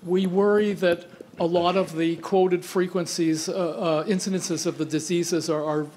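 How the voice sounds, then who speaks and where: A man asks a question from the audience in a halting way, repeating words as he frames it. Faint noise sits behind his voice. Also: high-pitched, flat delivery, a little mellow. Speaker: audience member asking a question.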